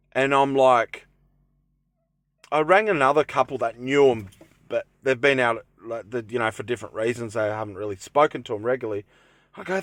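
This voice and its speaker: Inside his camper van, a young vlogger talks casually to camera, rambling with lots of fillers and restarts. His voice is medium-pitched and a bit bright, with no echo.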